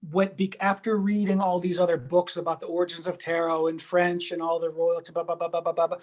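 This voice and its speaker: A man's voice: fairly high pitch, level tone, quick pace, a little mellow. A man being interviewed over a video call, earnest and enthusiastic, often repeating words as he searches for them. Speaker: guest, tarot teacher.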